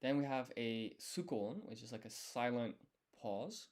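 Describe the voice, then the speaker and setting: With an animated, darkish mid-range voice and a measured pace, a man streams himself studying a language. He talks through each step aloud and murmurs quiz questions to himself under his breath.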